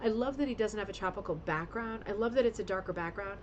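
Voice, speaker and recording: A woman's voice: mid-range voice, fast talker, darkish tone, highs cut off, a little hiss or hum. A woman hosting a casual craft club livestream, gushing with effusive praise and rambling with fillers, talking in a home studio with a green screen. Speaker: host of a rug hooking club livestream. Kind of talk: casual livestream show-and-tell.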